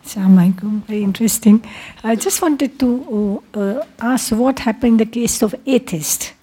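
A woman's voice: a little high, normal speed, mellow, husky. A woman attending a religious class, asking a question politely and a little hesitantly.

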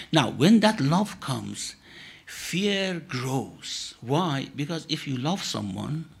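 A man, a sheikh, answering questions in a religious teaching session with measured, emphatic phrasing. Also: medium pitch, gravelly.

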